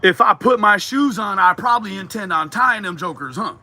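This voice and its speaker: Man on a casual livestream, higher voice with a bright forward edge, animated, joking, a bit profane. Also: brisk. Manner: animated and joking, swears and laughs often. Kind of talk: casual livestream chat with viewers. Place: outdoors in a backyard.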